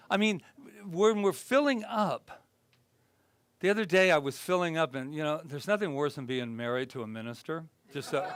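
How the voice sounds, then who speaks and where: A male minister preaching in a loose, conversational way, mixing self-deprecating jokes with earnest points. His voice sits a bit higher than most men's and jumps from loud, excited bursts down to near-whispered emphasis. The sound is close and dry, with no room echo. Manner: humorous, self-deprecating storytelling; animated, swings between loud and hushed. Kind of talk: conversational sermon.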